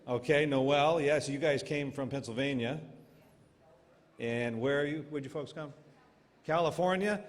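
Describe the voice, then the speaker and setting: A man's voice: fairly high pitch, measured pace, long pauses. A middle-aged man emceeing a family reunion, chatty and joking as he asks the crowd questions. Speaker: reunion emcee handing out awards. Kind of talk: casual emcee talk to a crowd. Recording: long hall reverb.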